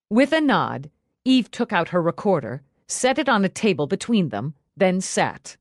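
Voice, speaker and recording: A woman narrating an audiobook in a steady, scripted storytelling manner. Her pitch moves in a lively way. It is recorded close up, in a dry studio sound. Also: measured pace, dry recording.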